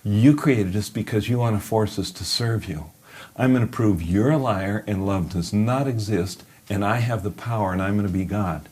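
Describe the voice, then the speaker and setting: A man voicing a defiant male fallen angel who boastfully accuses God, in a low voice. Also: normal speed, darkish tone, breathy edge.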